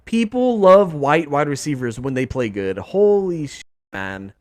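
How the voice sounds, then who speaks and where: A young man hosts a casual sports podcast, talking in a loose, repetitive rant. His voice sits a bit high and swings widely up and down, jumping higher when he mimics what other people say. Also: unhurried. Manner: animated, repetitive, swings pitch up for mock quotes. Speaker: podcast host.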